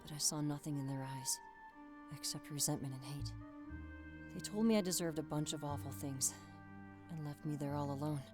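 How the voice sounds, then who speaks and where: A woman voicing a wistful young survivor in a video game, telling her past in a quiet, reflective way. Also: deep voice, normal speed, long pauses, natural voice. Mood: sorrowful. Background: game music.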